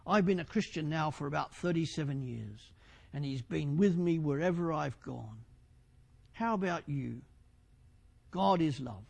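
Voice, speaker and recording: A man's voice: fairly high pitch, normal speed, creaky, darkish tone. A middle-aged man preaching a sermon with fervor, repeatedly putting questions to his listeners.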